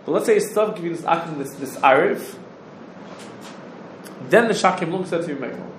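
A man teaching a Talmudic law lecture, firing off rapid questions and rising challenges. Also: a little high, animated, a little hiss or hum. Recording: roomy echo with faint ambience.

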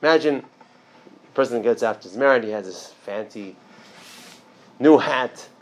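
At a measured pace, a man teaches an informal religion class, speaking conversationally with asides and restarts. When he wants to stress a point, his pitch and loudness leap upward.

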